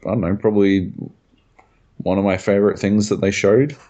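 A man's voice: on the low side, fairly even intonation, moderate pace, dark tone, highs cut off, a little hiss or hum. A man co-hosting a gaming podcast, laid-back and agreeable, often hesitating with ums. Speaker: podcast co-host. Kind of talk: casual chat.

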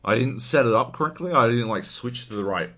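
Lively, swearing male podcast co-host. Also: mid-range voice, a little fast. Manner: profane, animated ranting. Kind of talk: casual gaming chat.

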